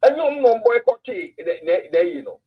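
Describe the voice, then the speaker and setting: A man's voice: extremely high pitch, very animated, moderate pace, husky, lo-fi sound. A man with a Ghanaian accent hosting a casual political talk stream, emphatic and repeating words for effect. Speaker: political commentator host.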